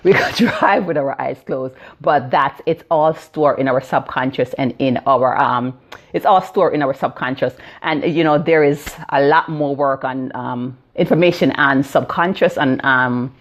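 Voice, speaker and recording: A woman's voice: rumbling low, measured pace. A Jamaican woman in her fifties, a healing practitioner explaining ideas on a phone live stream, with many fillers and "right?" check-ins. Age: 50s. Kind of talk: live-stream teaching talk.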